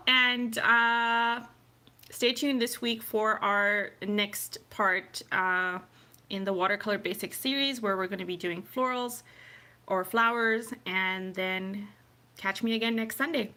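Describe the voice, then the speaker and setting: Friendly female art teacher on a home livestream, bright tone, loose and chatty, answering the chat. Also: medium pitch, steady tone, measured pace. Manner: chatty, reads viewer comments aloud with many fillers. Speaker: watercolour teacher hosting a live stream.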